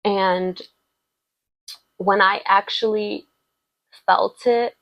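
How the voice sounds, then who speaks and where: A woman's voice: medium pitch, fairly even intonation, extremely slow, dry recording, dull audio. A woman giving a casual, rambling tarot love reading, full of filler words and affirmations. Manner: chatty, rambling, many "like" fillers, warm affirming tone. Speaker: tarot reader.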